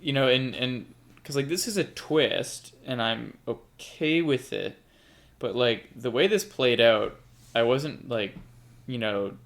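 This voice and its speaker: A man co-hosting a podcast, relaxed, mostly short agreeing replies in casual chat. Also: medium pitch, measured pace, vocal fry. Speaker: podcast co-host.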